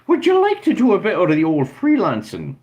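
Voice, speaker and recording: A man voicing a jovial Irish police officer with a high, jolly brogue and an Irish accent. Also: wildly swooping pitch, brisk, a little mellow, highs cut off.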